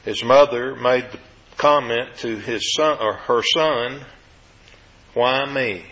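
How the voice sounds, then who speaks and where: A man delivers a sermon in a bright, forceful voice, earnest and careful in his explanations. He lifts his pitch whenever he quotes scripture. The sound is dull and lo-fi, and it echoes around a roomy church. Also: takes it slowly. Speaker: preacher.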